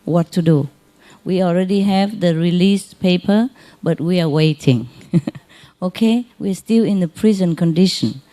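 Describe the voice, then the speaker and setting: A woman giving an informal spiritual talk to her followers, gentle and consoling, chuckling often, in non-native English. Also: on the low side, measured pace. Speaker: spiritual teacher.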